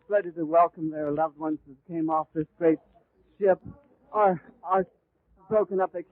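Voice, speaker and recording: Man on old-time radio calling what he sees live, fairly high voice, tinny and dry. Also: no echo. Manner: vivid, flowing description with occasional stumbles. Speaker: radio announcer. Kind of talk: live eyewitness radio commentary.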